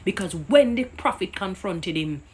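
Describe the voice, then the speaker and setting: A woman's voice: mid-range voice, animated, measured pace, darkish tone, slight background noise. A woman with a Jamaican accent delivering an impassioned, indignant opinion rant that preaches and cites scripture. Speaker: commentator.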